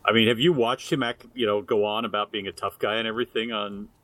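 A man's voice: lowish voice, steady tone, quick pace, fairly bright tone, no room sound, poor audio. A man co-hosting a casual podcast, making wry, mocking asides with laughter. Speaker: podcast co-host.

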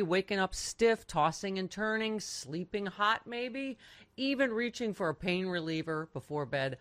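A woman's voice: medium pitch, a bit bright, no echo. A woman host reading a sponsor ad in a chatty, upbeat selling manner. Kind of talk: sponsor ad read.

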